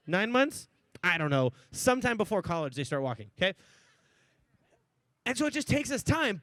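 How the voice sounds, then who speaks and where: High-voiced joking young pastor. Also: male voice, a bit bright, dry recording. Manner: joking, chatty, many "like"s and "right?". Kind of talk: casual sermon.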